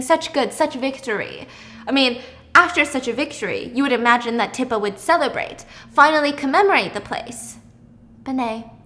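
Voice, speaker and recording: Brief: young woman host, high voice, lively casual storyteller who acts out characters. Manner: animated, acts out characters with shouting and whispers. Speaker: podcast host.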